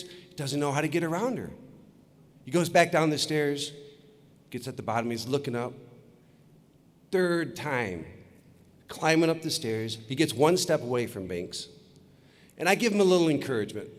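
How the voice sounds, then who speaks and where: A man giving an upbeat commencement speech, telling jokes and stories to the graduates. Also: on the high side. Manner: upbeat storytelling, leads crowd chants. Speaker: commencement speaker. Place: large arena with long reverb. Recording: long hall reverb.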